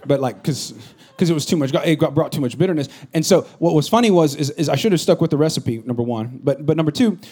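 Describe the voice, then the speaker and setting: A middle-aged man giving a sermon with a fairly high voice. He talks casually and jokes with the congregation, then rises into loud, emphatic bursts. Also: fast talker, few pauses, breathy edge. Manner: conversational, joking preacher with rising emphatic bursts. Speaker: pastor.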